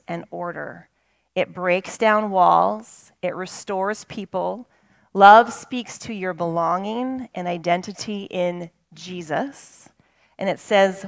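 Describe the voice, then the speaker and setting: A woman pastor delivering a sermon, slow and emphatic, with dramatic pauses. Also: mid-range voice, gravelly, fairly bright tone.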